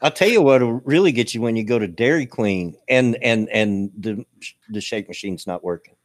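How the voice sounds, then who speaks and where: A man's voice: lowish voice, normal speed. A man hosting a casual chat show, folksy and chatty, repeating his words. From American South. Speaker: host.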